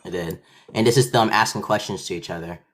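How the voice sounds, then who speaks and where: A man's voice: fairly low pitch, fast talker, background noise. A young man hosting a heated online debate, insistent and talking over his opponent to press his point again and again. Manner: insistent, talks over the other speaker, keeps repeating demands. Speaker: debate stream host.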